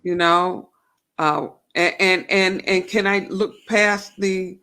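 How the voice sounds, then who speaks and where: A woman's voice: lowish voice, steady tone, slow, bright, forceful tone, clean tone. A woman hosting a faith-based talk show, reflecting aloud and asking herself questions. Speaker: show host.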